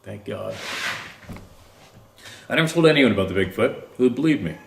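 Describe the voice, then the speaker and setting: Low-voiced man narrating slowly in a roomy space. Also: animated, vocal fry, a little hiss or hum. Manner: slow, deliberate reading with drawn-out pauses. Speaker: story narrator. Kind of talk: scripted narration of a first-person encounter story.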